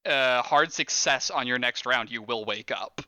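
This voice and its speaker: Game master type, man, bright forceful voice, dry close mic, casual and rules-minded. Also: mid-range voice, a little slow, dry recording. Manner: rule-explaining, laughing often. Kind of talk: running a tabletop horror game, casual.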